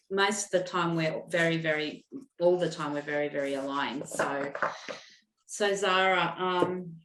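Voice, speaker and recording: A woman doing a live intuitive card reading, with a soft, halting way of talking, full of fillers and restarts, and moved to emotion. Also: fairly low pitch, reverberant, a little hiss or hum. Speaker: intuitive reader.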